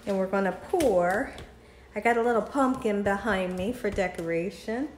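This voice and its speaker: Heavy background noise and an echoey room surround a woman hosting a casual cooking demonstration at home. Mid-range and at normal speed, she chats with viewers while tasting and pouring, often laughing.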